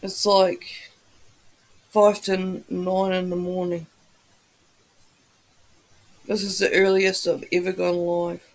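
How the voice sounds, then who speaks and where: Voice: mid-range voice, fairly even intonation, slow pace, vocal fry, pauses often. A livestream host in a just-woken-up morning voice, chatting casually with viewers and greeting them by name.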